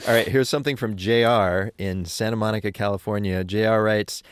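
A man's voice: lowish voice, steady tone, a little fast, clean tone, no room sound, studio quality. A man hosting a radio interview, playful and teasing, reading out listener questions. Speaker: radio show host. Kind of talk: casual interview chat.

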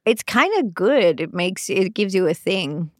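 A woman's voice: mid-range voice, big pitch swings, unhurried, dry recording, studio quality. A woman from Sydney with an Australian accent, chatting casually as a guest in an interview, laughing easily and filling her talk with "like". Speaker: actor, guest.

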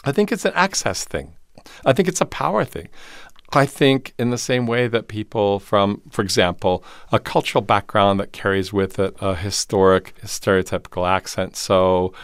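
A man who teaches theater and voice, a guest in a studio interview, talking in an animated way with sudden jumps up in pitch for emphasis and easy laughter. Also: moderate pace, clear, resonant tone, no echo.

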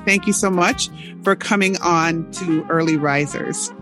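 A woman radio host with a fairly low voice asks her guest questions and thanks her in a friendly, appreciative tone. Faint music plays behind her. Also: a little slow. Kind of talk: interview and show outro.

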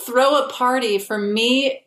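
A woman hosting a comedy advice podcast from home over a video call, reading listener letters in a dry, deadpan way. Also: fairly high pitch, slow, roomy sound. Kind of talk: casual comedic chat.

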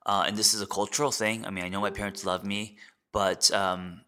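A man in his forties, a podcast host and therapist, sharing a candid personal story in a reflective, halting way with many fillers and restarts. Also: on the low side, level tone, sharp tone. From United States.

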